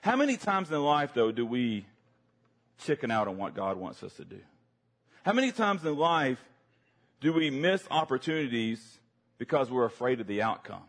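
A man with a Southern accent preaching a sermon, telling a funny personal story with lively acted-out moments. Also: medium pitch, normal speed. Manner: animated, humorous storyteller, acts out his younger self.

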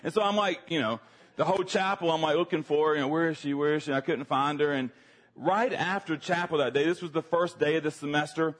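A man with a Southern accent preaching a sermon, telling a funny personal story with lively acted-out moments. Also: on the high side, fast. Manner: animated, humorous storyteller, acts out his younger self.

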